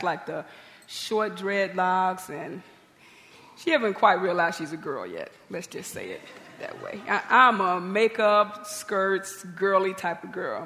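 A woman pastor telling a humorous story in her sermon, lively and animated. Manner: lively, humorous storytelling with big pitch swings. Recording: long reverb of a large hall.

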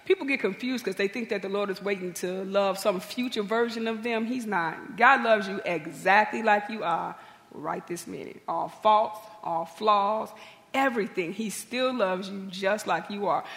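A woman pastor telling a humorous story in her sermon, lively and animated. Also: normal speed. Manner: lively, humorous storytelling with big pitch swings. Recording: long reverb of a large hall.

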